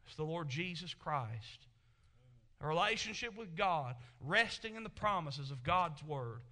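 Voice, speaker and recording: A man preaching from the pulpit with a high, bright voice. He delivers the sermon emphatically and often swells into loud exclamations. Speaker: pastor.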